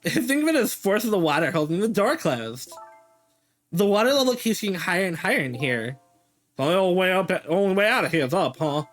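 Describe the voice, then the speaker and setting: A streamer voicing a calm, capable young woman detective in a video game, explaining things in a steady way. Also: medium pitch, a little fast, faint music behind, close to an everyday voice.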